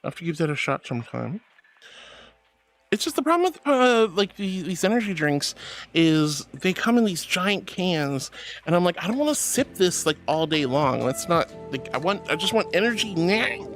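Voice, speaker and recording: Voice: normal speed, soft background music. A streamer chatting casually and reading out viewer messages, calling everyone sweetie and honey. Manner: animated, jumps between high squeals and low mutters.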